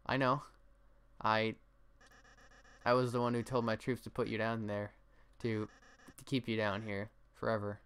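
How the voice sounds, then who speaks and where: A man reading the lines of a goofy young villain prince, halting and stammering. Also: on the low side, little pitch movement, fairly bright tone, smooth. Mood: guilty.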